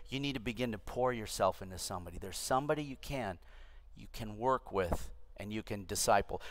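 A man's voice: medium pitch, pushed and bright. An older man, a pastor, teaching a discipleship class with emphatic repetition, in an echoey church room. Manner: emphatic, repeats key phrases.

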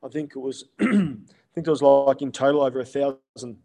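A man's voice: mid-range voice, level tone, fairly quick, dark tone. Rambling Australian guy. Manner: rambling with many fillers and restarts. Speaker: guest, male stripper. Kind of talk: casual podcast chat.

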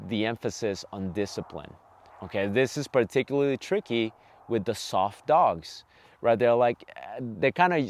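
A man hosting a dog training podcast, talking on his own, hammering each point home with repeated "okay?" and "right?" and acting out little exchanges with dogs. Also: mid-range voice. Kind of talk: solo podcast monologue.

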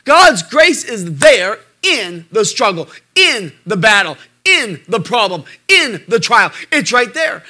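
A middle-aged male pastor preaching a sermon, surging loud and then dropping low, acting out quoted voices along the way. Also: big pitch swings, takes it slowly, hardly any pauses. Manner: acts out quoted voices in asides.

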